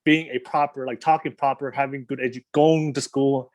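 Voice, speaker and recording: A man's voice: medium pitch, fairly even intonation, normal speed, a little mellow, highs cut off. A man hosting a podcast, chatting casually with his guest. He talks hesitantly, circling back and repeating words as he works through his questions. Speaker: podcast host. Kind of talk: casual interview conversation.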